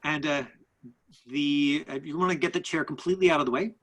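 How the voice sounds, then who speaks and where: A man coaching actors in a live online acting class over a video call. He talks in a halting way, full of fillers and restarts. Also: on the high side, a bit bright, rough recording.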